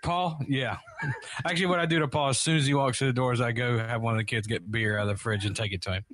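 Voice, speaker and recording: A man's voice: medium pitch, fairly even intonation, quick pace, fairly bright tone. A man on a radio show, ranting in mock anger and swearing freely. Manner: mock-angry, profane rants. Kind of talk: rowdy casual radio banter. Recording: noisy show recording.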